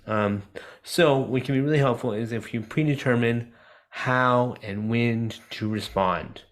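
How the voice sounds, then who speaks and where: A man teaching a class on a video call, talking loosely with lots of fillers and restarts. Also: medium pitch. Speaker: disability advocate teaching a class. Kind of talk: casual online lecture.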